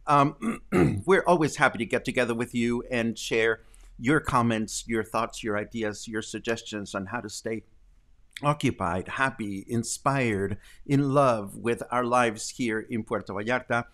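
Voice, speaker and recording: A middle-aged man hosts a casual live stream from his home. He talks at an easy middle pitch and chats with viewers in a loose, rambling way. He stops often for ums and corrects himself as he goes. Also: measured pace, a bit bright. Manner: chatty, rambling, with frequent ums and self-corrections. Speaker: host.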